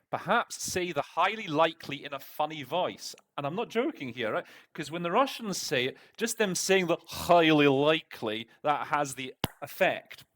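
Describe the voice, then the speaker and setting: A man's voice: medium pitch, fairly bright tone. A man as host of an interpreting lesson, talking casually with lots of fillers and restarts as he walks through a text. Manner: chatty, full of fillers and restarts. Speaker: interpreting tutor. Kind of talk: casual teaching breakdown.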